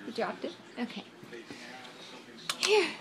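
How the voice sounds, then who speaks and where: A woman's voice: fairly high pitch, sing-song, takes it slowly. A young mother cooing in a giggly, sing-song baby-talk voice while filming her baby at home. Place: home, indoors. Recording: noisy home camcorder audio.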